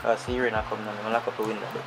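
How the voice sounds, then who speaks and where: A man's voice: on the low side, completely flat delivery, racing, noisy background, lightly acted. A man with a Jamaican accent playing a young man who confides in a friend and then comforts her, talking casually in patois. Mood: confiding. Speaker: actor. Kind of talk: Jamaican patois movie acting.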